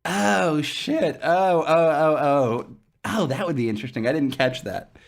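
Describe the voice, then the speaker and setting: A man co-hosting a podcast, chatting casually and excitedly about a TV episode. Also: a little high, measured pace, creaky. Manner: excitable, animated storytelling. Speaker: podcast co-host. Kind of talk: casual chat.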